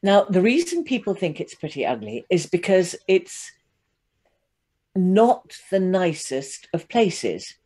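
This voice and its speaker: A woman's voice: on the low side, very animated, slow pace, warm tone, slightly rough. A British woman who works as a narrator and coach, chatting casually and acting out little asides as she talks. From United Kingdom. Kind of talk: casual chat.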